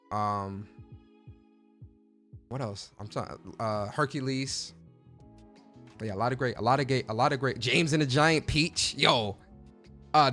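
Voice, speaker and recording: A man in a casual livestream chat, chatty and slangy, his voice jumping up and down as he gets excited. He sits at a middle pitch, and soft music plays underneath him. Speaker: podcast host.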